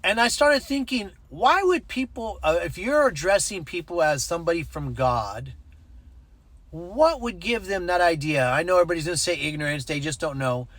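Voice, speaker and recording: A man tells a personal story in a loose, easygoing way, with a fairly high voice for a man. He slips into the voices of the people in his story and breaks off into short preachy asides. The sound is close and dry, with no room echo. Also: animated, moderate pace, fairly bright tone. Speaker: ministry network leader. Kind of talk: casual storytelling vlog.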